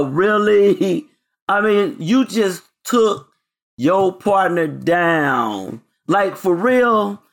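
Slow, gravelly male podcast co-host. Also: high-pitched. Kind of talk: casual podcast chat.

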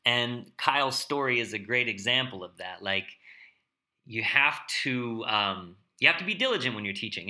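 A male podcast host with a very bright, sharp voice. He talks in a reflective, easy way and often pauses on fillers. His pitch sits in a middle range. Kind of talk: casual podcast interview and outro.

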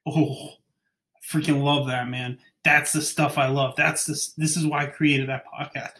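A man's voice: fairly high pitch, flat delivery, normal speed, a bit bright. Rambling, ranting young man. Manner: rambling, stumbling over names, ranting. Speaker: podcast host. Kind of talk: casual chat.

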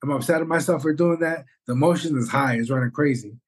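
A man co-hosting a podcast, telling a story in an animated, rambling way and swearing often. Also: on the high side, fast talker, breathy edge. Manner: animated, rambling, swears, says "bro" and "you know what I'm saying". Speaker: podcast co-host. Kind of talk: casual storytelling chat.

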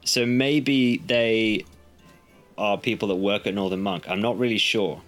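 A man's voice: lowish voice, a little slow, fairly bright tone, faint music behind. A man from the UK co-hosting a casual podcast over a remote call, laid-back and self-deprecating. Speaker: podcast co-host. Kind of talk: casual chat.

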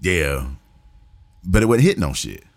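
Deep-voiced man telling a story. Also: sing-song, normal speed, gravelly. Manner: laid-back, slangy, laughs through his stories. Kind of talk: casual storytelling chat.

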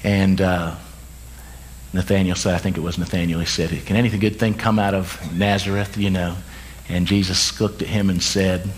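A man preaching a sermon as pastor, conversational with quick asides and self-corrections, and he says he is tired. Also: deep voice, little pitch movement, a little hiss or hum.

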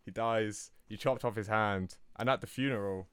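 A man telling an improvised comic story in a rambling, deadpan way, correcting himself as he goes. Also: on the low side, normal speed, smooth, dry recording. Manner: rambling, deadpan, self-interrupting.

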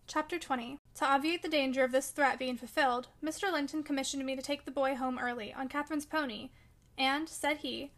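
A woman narrating a classic novel as an audiobook, with clear, steady storytelling. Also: high voice, brisk. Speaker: audiobook reader.

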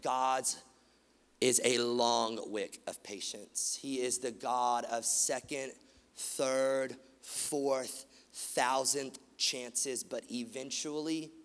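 Gravelly preacher in an echoing hall. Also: male voice, medium pitch, very slow. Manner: animated preaching, rising loud then dropping to hushed. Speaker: pastor. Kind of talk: sermon. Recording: long hall reverb.

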